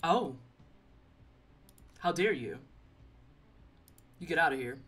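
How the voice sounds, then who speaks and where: Expressive and slow, the mid-range voice has a fairly bright, husky tone. It belongs to a young adult streaming a game live, teasing chat and joking in playful, chatty, casual commentary. There's faint game music, and the mic is slightly distant.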